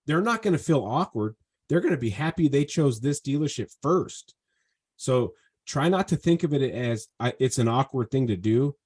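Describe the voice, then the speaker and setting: Energetic man coaching over a video call. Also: mid-range voice, moderate pace, breathy edge. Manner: energetic, emphatic, talks in long persuasive runs. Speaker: sales trainer and podcast host. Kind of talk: one-on-one coaching.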